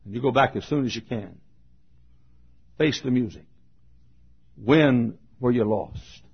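An older man preaching a fervent sermon as pastor, swinging from shouted exhortation to low, quiet asides. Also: a little slow, breathy edge. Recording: dull lo-fi sermon recording.

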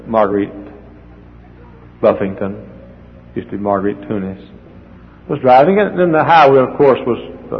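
An older man preaching a sermon as the pastor, swinging from hushed asides to near-shouts as he acts out the people in his stories. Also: lowish voice. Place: church hall. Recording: dull echoey hall with faint noise.

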